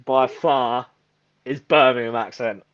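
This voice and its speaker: A man's voice: medium pitch, fairly even intonation, unhurried, clear, resonant tone, dull audio. A man chatting casually, blunt and opinionated. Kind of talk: casual chat.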